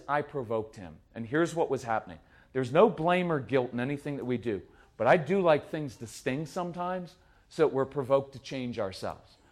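A middle-aged man giving a conversational parenting talk to a live audience, acting out a yelling dad in quick quoted bits. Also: mid-range voice. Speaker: parenting speaker.

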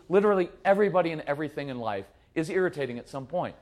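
A middle-aged man giving a live parenting talk to an audience, intense and animated, acting out parents and kids in quick put-on voices. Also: on the high side. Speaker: parenting speaker.

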